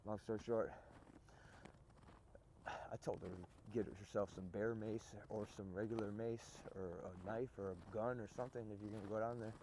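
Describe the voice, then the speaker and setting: Rambling male vlogger, lowish voice, repeats himself and swears oaths, noisy outdoor recording. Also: steady tone, moderate pace, darkish tone. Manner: repetitive, swears oaths, restarts often. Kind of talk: rambling storytelling. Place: outdoors in snow.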